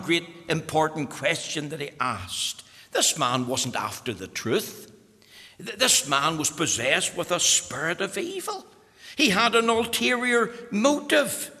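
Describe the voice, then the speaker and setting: A man's voice: fairly high pitch, bright, forceful tone. Emphatic male preacher in a reverberant hall. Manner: emphatic, explanatory preaching to young listeners. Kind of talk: sermon.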